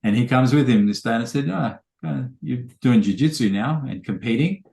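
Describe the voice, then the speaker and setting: A man's voice: medium pitch, a little fast, darkish tone, echoey room. A man, a trainer telling rambling anecdotes full of quoted dialogue in a casual podcast interview.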